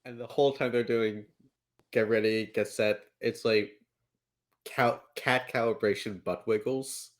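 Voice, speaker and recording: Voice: mid-range voice, fairly even intonation, unhurried. A player in a tabletop game who talks playfully, with goofy sound effects. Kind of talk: casual tabletop play.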